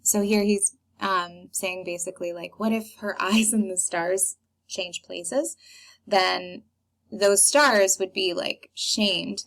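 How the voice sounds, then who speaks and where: A woman's voice: lowish voice, creaky, fairly bright tone. A young woman reading a classic play aloud and explaining it line by line in a casual, chatty way, with many fillers.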